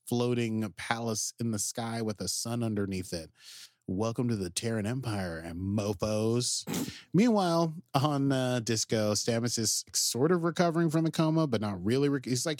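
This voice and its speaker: A man co-hosting a podcast, recapping episodes in casual, animated chat. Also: mid-range voice, moderate pace, no echo, clean studio sound. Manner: animated, jumps into quoted character voices. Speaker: podcast co-host.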